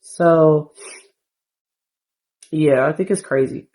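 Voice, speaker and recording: A woman's voice: deep voice, very slow, warm tone. Chatty woman narrating her game. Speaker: gameplay streamer. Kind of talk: casual let's-play commentary.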